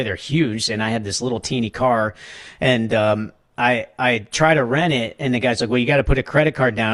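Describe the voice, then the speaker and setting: A man in his fifties hosting a casual chat, telling stories animatedly and acting out the people he quotes. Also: mid-range voice. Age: 50s. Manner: animated, acts out quoted voices with laughs. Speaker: podcast host.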